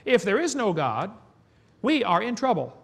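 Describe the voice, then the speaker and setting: A man's voice: sits high, very animated, moderate pace, gravelly, fairly bright tone. A man giving a preaching lecture to an audience in a folksy, emphatic way. He chuckles between points and often asks "okay?". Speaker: creationist speaker.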